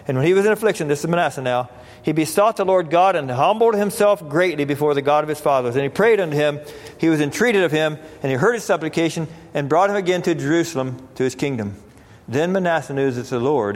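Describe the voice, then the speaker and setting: Man preaching, sermon, scripture in old wording, repeats himself, fairly high voice, long hall reverb. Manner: reads scripture in King James wording, repeats phrases.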